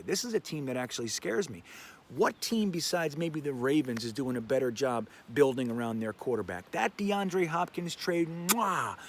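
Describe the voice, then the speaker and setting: Man, fan show host, casual sports commentary, brash and joking, slightly high voice, faint noise.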